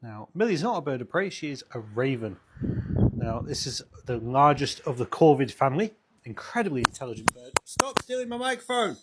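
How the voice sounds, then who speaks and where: A raven keeper talking casually and fondly, leaning on repeated words for emphasis. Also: male voice, medium pitch, lively intonation, brisk, very noisy. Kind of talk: casual show-and-tell.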